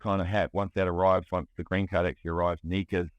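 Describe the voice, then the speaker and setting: Low-voiced New man, candid. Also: little pitch movement, fast, no room sound, dull audio. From New Zealand. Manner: candid, restless, heavy on fillers and restarts. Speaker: guest, music producer. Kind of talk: casual podcast conversation.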